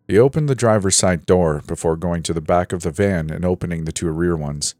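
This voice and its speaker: A man with a very low, deep voice narrates a horror story in a slow, measured way. The voice is close and dry, with faint music playing underneath. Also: darkish tone, no room sound. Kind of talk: scripted narration.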